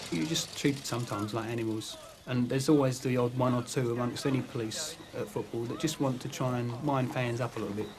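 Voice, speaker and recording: A football supporter complaining in an aggrieved way. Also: male voice, medium pitch, fairly even intonation, a little fast, few pauses, a crowd in the background.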